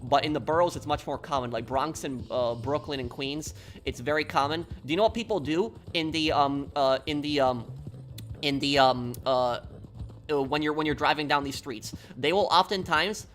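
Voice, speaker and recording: A man's voice: on the high side, moderate pace, a bit bright. A man from New York telling a long story on a stream, rambling and restarting his sentences. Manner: rambling, repeats himself, restarts often.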